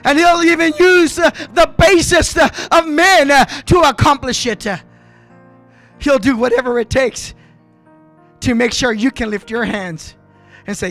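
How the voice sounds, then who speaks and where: Impassioned high-voiced male pastor. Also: normal speed, bright, forceful tone, faint music behind. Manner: impassioned, rhythmic, with repeated uh breaths. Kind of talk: Pentecostal sermon altar call. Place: church sanctuary.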